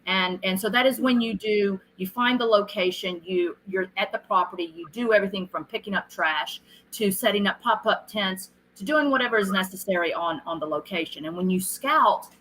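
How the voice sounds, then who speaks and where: A middle-aged woman, a film director being interviewed, telling stories in a casual, animated way and acting out what people said. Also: medium pitch, brisk, a little hiss or hum, low-quality recording. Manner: animated storyteller who acts out quoted lines.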